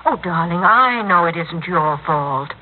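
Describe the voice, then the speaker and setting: Her voice fairly low and animated, an actress speaks a little slowly as a controlling, possessive middle-aged wife and mother in an old radio play, turning from imperious to doting. It's 1950s radio acting, heard through tinny audio with a faint hiss.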